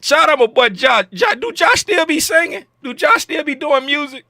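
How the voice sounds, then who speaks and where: A man hosting a trading livestream in casual chat, joking around and shouting out viewers in chat by name. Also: very high voice, lively intonation, normal speed, dry recording, studio quality.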